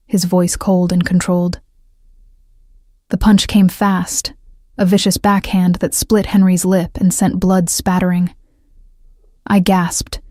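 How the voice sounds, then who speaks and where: Flat-voiced woman narrating a story. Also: medium pitch, no room sound, studio quality. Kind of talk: scripted first-person narration.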